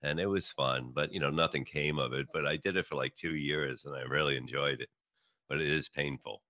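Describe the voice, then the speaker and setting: A middle-aged New man with an extremely low voice that still has a sharp, forceful edge. He tells stories in a rambling, halting way, restarting his sentences often. The recording is dry and a little muffled. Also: steady tone, dry recording. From New York. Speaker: comedian and podcast guest. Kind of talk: casual interview chat.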